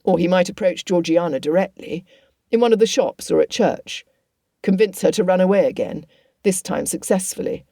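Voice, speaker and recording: A woman reading a rough-toned army officer cousin. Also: lowish voice, normal speed, mellow, no room sound, studio quality. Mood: earnest. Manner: rough, earnest, teasing. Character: wry protective cousin, a young army officer.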